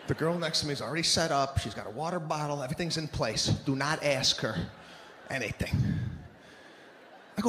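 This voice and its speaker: A man doing a stand-up set, animated and exasperated, acting out the people around him. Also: a little high, a little fast, slight background noise. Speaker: stand-up comedian. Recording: live room with hall echo.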